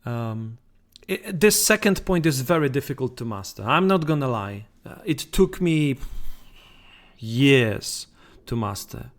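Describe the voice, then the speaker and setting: Slow-talking man giving trading advice. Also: mid-range voice, big pitch swings. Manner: conversational, frequent fillers and restarts, repeats points. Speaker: football trading channel host. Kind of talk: casual talk to camera.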